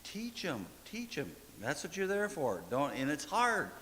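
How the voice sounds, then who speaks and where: A man's voice: fairly high pitch, wildly swooping pitch, unhurried, a bit bright, in a large hall. Man, pastor, folksy sermon, repeats short commands, faint hiss. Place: church sanctuary.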